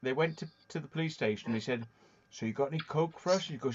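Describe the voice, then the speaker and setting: A man's voice: mid-range voice, fast talker, slightly rough. A man chatting casually as a podcast host, retelling movie scenes with lots of animation. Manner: animated storytelling, acting out film scenes. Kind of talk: casual chat. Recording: dull lo-fi audio.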